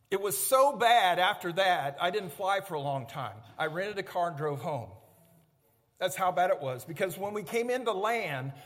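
A male pastor preaching a sermon in a church and telling lively stories, now and then acting out shouts. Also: high-pitched, long reverb tail. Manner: animated storytelling, acting out shouts. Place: church sanctuary.

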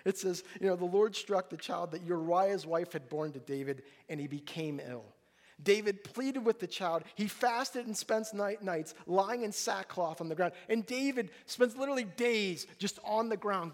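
A middle-aged male pastor preaching a sermon, animated and acting out the voices of people in the story. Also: sits high, normal speed. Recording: long hall reverb.

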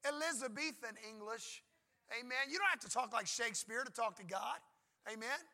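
A man in middle age preaching from the pulpit, his voice high and pitched well above most men's. The tone is very bright and ringing. He talks to his congregation in an easy, conversational way, then pushes hard on key points and slips briefly into voices for prayers and for God answering. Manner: conversational, emphatic, acts out prayers and God's replies. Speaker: pastor. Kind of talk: sermon.

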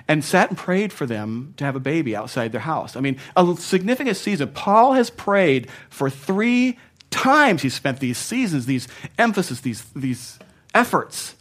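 Conversational male preacher, soft and loud by turns. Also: a little high. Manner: conversational, chuckles at his own asides; shifts between loud emphasis and soft, hushed passages. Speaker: pastor. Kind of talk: sermon.

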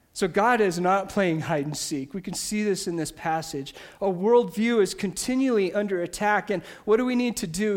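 Guy preaching a sermon, high voice, gets loud then drops real quiet. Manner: animated, rising loud for emphasis then dropping soft. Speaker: pastor.

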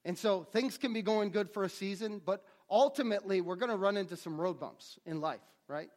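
High-voiced man preaching a sermon. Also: a little fast, a little mellow. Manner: earnest, repeats words as he restarts. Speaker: pastor.

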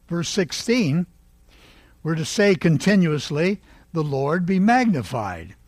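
A man preaching a sermon, leading the congregation in call-and-response and rising to loud exclaiming. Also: high-pitched, dry recording.

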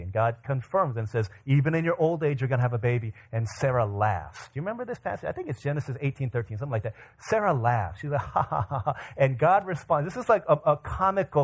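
A man in his thirties preaching a sermon, telling stories and acting out the quotes. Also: medium pitch. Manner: animated storytelling with quoted voices. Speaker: pastor.

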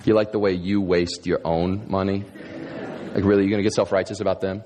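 A man's voice: low-pitched, level tone, a little fast, dark tone, slight background noise. A man preaching a sermon as a pastor, emphatic, firing off sarcastic rhetorical questions. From United States. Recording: long reverb of a large hall.

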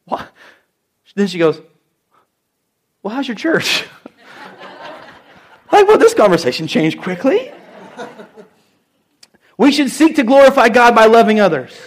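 Preaching in church, this middle-aged pastor speaks at an extremely high pitch and is very animated. He weaves in stories and hammers key phrases with slow, emphatic repetition.

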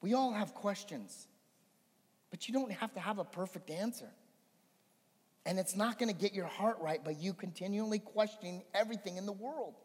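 A man preaching a sermon as a pastor, swinging between animated emphasis and hushed storytelling. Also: sits high, moderate pace, husky. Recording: long hall reverb.

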